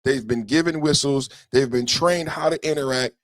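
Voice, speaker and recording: A man's voice: mid-range voice, moderate pace, a bit bright, no echo. Dry-voiced man ranting on a podcast. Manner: rambling, repeats phrases, builds an argument. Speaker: podcast host. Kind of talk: ranting reaction commentary.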